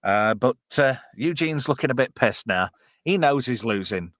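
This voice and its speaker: With a medium-pitched, fairly bright voice and lively intonation, a man co-hosts a jokey live-stream commentary on a film at a moderate pace. He keeps things chatty and throws in silly voices. It's a dry, studio-quality recording.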